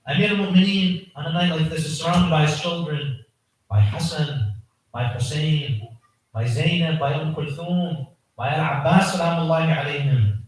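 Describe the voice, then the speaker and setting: A man giving an emotional sermon, telling a story slowly and breaking into chanted Arabic phrases. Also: a little high. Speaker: speaker at a mosque gathering. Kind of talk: sermon narration with Arabic recitation. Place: large prayer hall indoors. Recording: very echoey hall, voice from far off.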